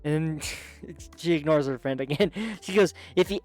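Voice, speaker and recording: Excitable man recapping a manga. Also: a little high, measured pace, faint music behind. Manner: excitable, chatty, many restarts and asides. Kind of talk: casual commentary.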